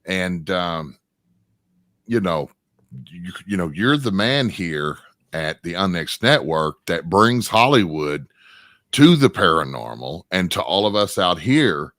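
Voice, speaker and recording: A male host chatting casually on a panel, pausing to search for his words. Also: low voice, very animated, fairly bright tone, dry recording, clean studio sound. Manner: searching for words, fillers and restarts. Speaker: show host.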